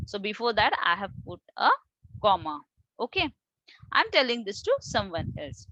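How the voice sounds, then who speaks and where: A woman teacher with an Indian English accent, explaining grammar to children slowly and with many repetitions. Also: on the high side, sharp tone, dry recording, rough recording. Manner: explains slowly, repeats words, addresses children. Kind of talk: online grammar lesson.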